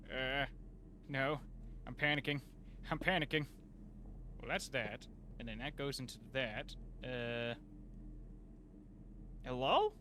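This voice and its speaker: A man talks through his game in a casual, self-mocking way, full of fillers and sudden yelps. His bright voice swings widely in pitch, going from muttering to shouting. A faint background hum sits under the recording. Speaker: gameplay youtuber. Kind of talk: casual let's play commentary.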